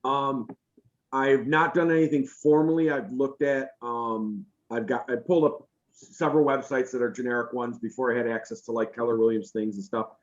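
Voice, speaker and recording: A man, a trainee, answering his instructor on a video call, hesitant and halting. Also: mid-range voice, steady tone, dull audio. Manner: hesitant, with many ums and restarts. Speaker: trainee agent.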